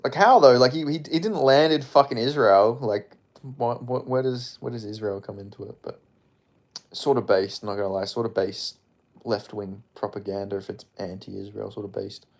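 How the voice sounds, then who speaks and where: A man's voice: on the low side, normal speed. Rambling man on a livestream. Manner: rambling, frequent profanity, offhand. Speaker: streamer. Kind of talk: casual livestream chat, reading comments aloud.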